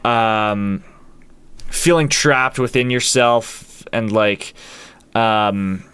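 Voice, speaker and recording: A band's producer and guitarist casually explains the making of a song, counting out the beats as he goes. He speaks very slowly in a fairly low, smooth, slightly bright voice, captured in a dry recording.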